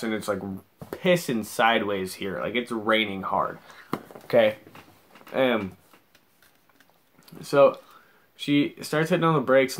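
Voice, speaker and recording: A young male vlogger tells a story in a loose, rambling way, his mid-range voice slightly bright. He swears a lot and plugs every pause with "like."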